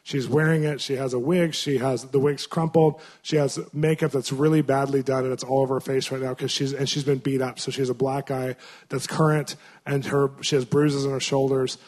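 A man, a Christian minister, telling stories in a sermon in an animated, conversational way. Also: mid-range voice, brisk. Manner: animated, conversational storytelling with frequent laughs. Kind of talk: storytelling sermon.

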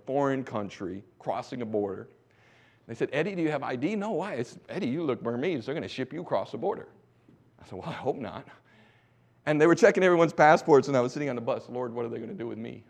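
Hushed asides give way to loud bursts as a middle-aged American missionary preacher exhorts his congregation through a testimony sermon. His voice is medium in pitch.

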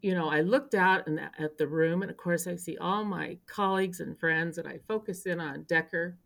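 Older woman, lively emotional storyteller. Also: on the low side, moderate pace, creaky. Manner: animated storyteller, acts out quotes, turns emotional. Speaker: interview guest, longtime local government official. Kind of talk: storytelling in a podcast interview. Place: indoor podcast recording.

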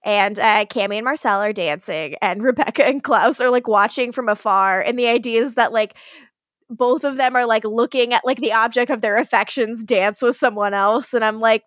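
A woman's voice: on the high side, a bit bright, no room sound, studio quality. A woman co-hosting a podcast, recapping an episode in casual chat and laughing often as she acts out lines. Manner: laughing often, acting out lines in quick snippets. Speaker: podcast co-host. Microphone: podcast microphone.

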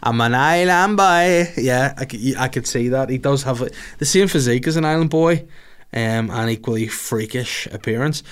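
A man's voice: mid-range voice, moderate pace. A man hosts a comedy podcast in loose, rambling chat. He answers listener questions with crude, sarcastic riffs and plenty of swearing. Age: older than the others, adult.

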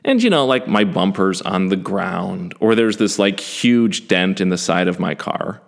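A man's voice: sits low, measured pace, vocal fry. Self-mocking man in his forties. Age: 40s. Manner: self-deprecating, animated, occasional swearing. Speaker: storyteller. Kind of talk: first-person personal storytelling.

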